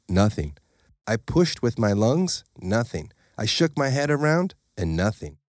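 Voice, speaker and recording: A man's voice: on the low side, darkish tone, no room sound, studio quality. A man narrating a story in the first person, in a plain, matter-of-fact way. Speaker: audiobook narrator.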